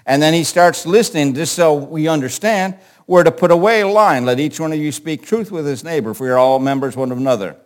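A man preaching a sermon, reading scripture verses aloud and explaining them in an animated way, often repeating words as he restarts. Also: fairly high pitch, fairly quick.

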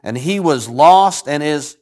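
A man's voice: fairly high pitch, lively intonation, slow pace, darkish tone. An older man, a grandfather, teaching a Bible story to a group. He keeps asking them questions and acts out the quoted lines. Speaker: preacher. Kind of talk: Bible teaching with congregation responses.

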